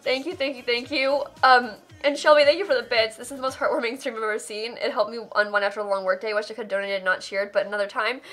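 Bright-voiced young woman streamer, effusive. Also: fairly high pitch, fairly even intonation, quick pace, few pauses, soft background music. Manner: effusive, emotional thanks. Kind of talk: live charity stream, reading donation messages.

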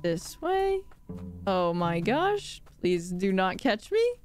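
A woman's voice: mid-range voice, sing-song, takes it slowly, music in the background. A woman streamer giving casual, giggly, exclaiming commentary while playing a game.

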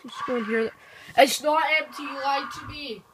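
A woman giving casual let's-play commentary, reading the on-screen text aloud and reacting quickly. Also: high voice, heavy background noise. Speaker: gamer. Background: game music.

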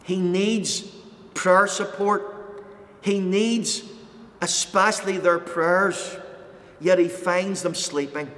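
A man preaching a sermon as pastor, impassioned, pausing dramatically and raising intensity when quoting. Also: high voice, fairly even intonation, a bit bright, big-room sound. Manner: impassioned, dramatic pauses, voices quoted lines with rising intensity. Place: church.

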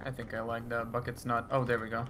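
A man's voice: medium pitch, completely flat delivery, quick pace. A man gaming with friends over voice chat, tossing out dry jokes. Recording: loud background noise.

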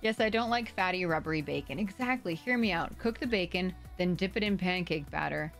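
A woman's voice: on the low side, expressive, fairly quick, creaky, soft background music. A woman livestream host chatting casually with viewers, bubbly and rambling as she reads chat aloud.

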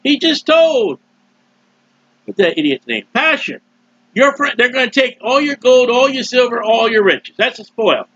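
Loud, animated preacher man. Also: normal speed, husky, no echo, dull audio. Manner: loud, emphatic preaching with sudden pitch swings; mocking asides and short laughs. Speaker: street preacher. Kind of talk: sermon.

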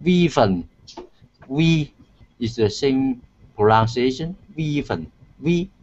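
A man's voice: mid-range voice, lively intonation, takes it slowly, a little mellow. A man in an online English class, asking questions hesitantly and repeating sounds after the teacher. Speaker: student. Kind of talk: pronunciation practice in an online class. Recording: dull lo-fi call audio.

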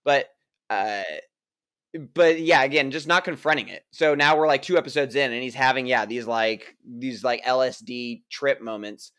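A man's voice: mid-range voice, moderate pace, clear, resonant tone. A man co-hosting a casual TV review chat, ranting and swearing about what annoys him. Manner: ranting, swears, animated complaints. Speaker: co-host.

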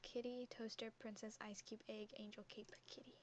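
A woman's voice: fairly high pitch, little pitch movement, normal speed, lo-fi sound, a little hiss or hum. A teenage girl gaming YouTuber who chats casually and giggles as she reads quiz questions aloud and answers them, talking into a headset mic hung around her neck. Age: teens. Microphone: headset mic worn around the neck.

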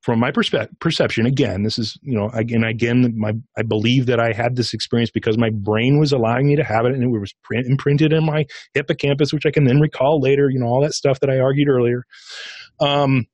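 A middle-aged man, a podcast guest and author, telling a personal experience in a casual, animated way, acting out his own inner dialogue. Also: mid-range voice, brisk, no echo. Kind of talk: interview storytelling.

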